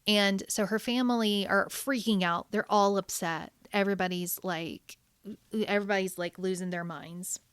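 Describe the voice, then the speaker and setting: A woman, co-hosting a casual book podcast and retelling a plot in a rambling, animated way. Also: medium pitch, moderate pace, clear, resonant tone, dry recording. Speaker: podcast co-host.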